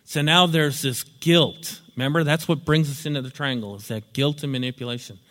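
A man's voice: medium pitch, brisk, fairly bright tone. A man giving a lecture in a storytelling, explanatory manner. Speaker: teacher. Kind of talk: spoken lecture with acted examples. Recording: long hall reverb.

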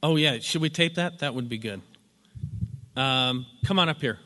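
Brief: relaxed man teaching a workshop, bright tone, reverberant meeting room. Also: mid-range voice, normal speed. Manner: conversational, frequent "you know". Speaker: workshop instructor. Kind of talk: casual classroom lecture.

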